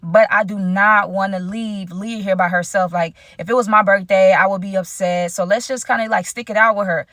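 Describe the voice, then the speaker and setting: A woman's voice: medium pitch, steady tone, moderate pace, hardly any pauses, a bit bright, no echo, clean studio sound, natural voice. A woman doing a pleading, conflict-shy friend. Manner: pleading, soothing.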